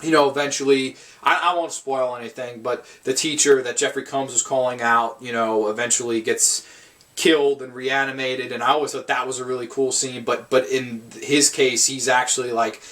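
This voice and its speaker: A man's voice: mid-range voice, fairly even intonation, normal speed, a bit bright. A man giving a casual, rambling film review, swearing often and restarting his sentences. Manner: rambling, profane, frequent restarts.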